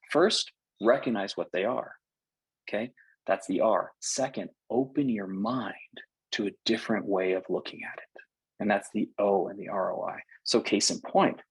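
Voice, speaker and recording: A man giving a webinar talk on culture at work, lively and animated, acting out quoted reactions now and then. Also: fairly low pitch, vocal fry, husky, dry recording, poor audio. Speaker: cultural intelligence speaker.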